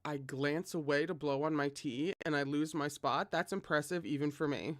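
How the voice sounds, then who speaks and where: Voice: mid-range voice, moderate pace, dry recording, clean studio sound. A fan reader reading a novel aloud, with chatty asides to viewers. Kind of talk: casual read-aloud of a novel.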